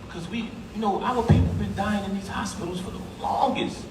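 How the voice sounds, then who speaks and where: A man's voice: sits high, steady tone, a little fast, darkish tone, soft background music. New York man giving an emphatic eulogy. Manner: emphatic, street-casual, talks straight to the crowd. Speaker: eulogy speaker at a funeral. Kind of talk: heartfelt eulogy speech. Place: funeral service in a large echoey hall. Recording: echoey hall from far off, noisy.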